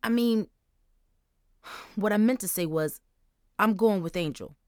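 A woman voicing a nervous teenage boy who speaks in a hushed, halting way. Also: mid-range voice, no echo, studio quality, close to an everyday voice.

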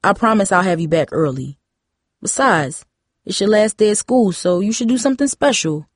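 A woman's voice: medium pitch, animated, moderate pace, no room sound, clean studio sound, lightly acted. A woman voicing an easygoing, persistent teen boy. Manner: casual, persuasive.

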